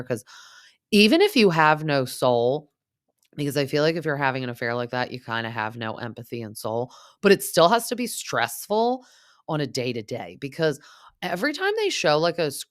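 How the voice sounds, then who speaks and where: A woman with a very deep voice hosts a casual reality-TV recap podcast, recorded cleanly in a studio with no room sound. She's gossipy and chatty, full of "like" and "um," and mimics cast members.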